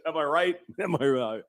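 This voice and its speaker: A man's voice: a little high, creaky, a bit bright, no room sound. A man hosting a casual panel chat, joking and teasing the guests and laughing often.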